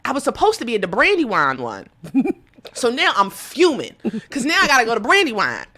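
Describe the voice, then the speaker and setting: A woman on a podcast panel telling a story in a casual, animated way, acting out her own lines with slangy phrasing. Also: a little high, a little fast. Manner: animated, reenacts her own lines with rising volume and laughter; informal, uses slang like y'all and I'ma. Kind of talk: casual storytelling in a group chat.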